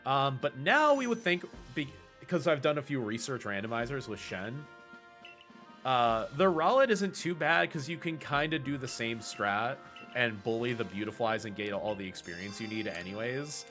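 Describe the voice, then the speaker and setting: A man with a Pacific Northwest accent streaming a speedrun, chatting casually and correcting himself as he explains. His voice is bright and swings widely in pitch. Faint game music plays in the background. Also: expressive, moderate pace. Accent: American, Pacific Northwest. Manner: chatty, explains at length with fillers and self-corrections. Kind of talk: casual live-stream commentary while gaming.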